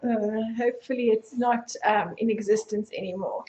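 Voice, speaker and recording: A South African woman with a high voice chats casually on her podcast, poking fun at herself and laughing often. The recording sounds dull and lo-fi. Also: fairly even intonation, moderate pace, mellow, roomy sound. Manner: chatty, self-mocking, laughs often. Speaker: podcast host. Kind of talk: casual chat.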